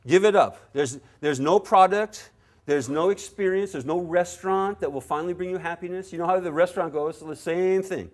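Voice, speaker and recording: A man teaching a dharma talk to a live audience at a meditation center, animated and acting out little quoted scenes. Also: high voice, normal speed. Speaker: spiritual teacher.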